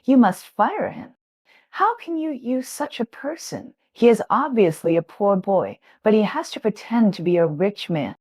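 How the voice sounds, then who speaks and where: A woman's voice: medium pitch, expressive, measured pace, a little mellow, slightly rough. A woman voicing a grasping middle-aged aunt who whines and demands in a storybook reading. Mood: demanding.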